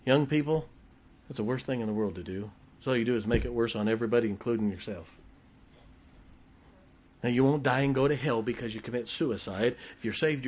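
Older preacher guy, folksy storytelling, medium pitch. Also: a little mellow. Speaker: pastor. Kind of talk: sermon.

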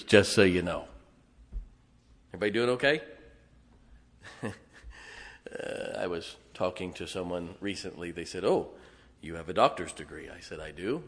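Folksy preacher man in a reverberant hall. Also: on the low side. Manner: folksy, animated storytelling with asides. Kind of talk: sermon.

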